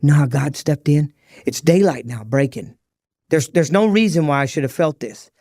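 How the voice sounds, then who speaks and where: A man, a podcast guest, telling his recovery story in an animated, slangy way and acting out the dialogue. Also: fairly high pitch, moderate pace, dry recording, clean studio sound.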